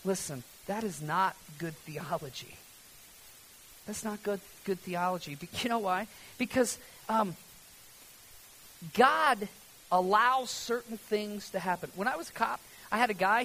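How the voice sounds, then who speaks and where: A male pastor delivering a sermon with a bright, forceful tone. He moves between loud, emphatic preaching and quiet, near-whispered lines. A faint hiss sits under the recording. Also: sits high, normal speed, low-quality recording.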